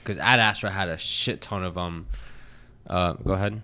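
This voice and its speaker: A man's voice: deep voice, moderate pace, pushed and bright. A young man co-hosting a casual podcast chat, laid-back and hesitant, with lots of ums and casual swearing. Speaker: podcast co-host.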